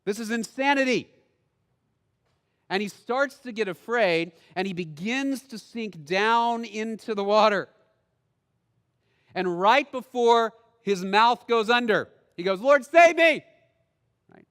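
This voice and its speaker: A man preaching a sermon as pastor, telling a story with sudden loud bursts and long, hushed, slow phrases. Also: high voice, smooth, in a large hall. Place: church sanctuary.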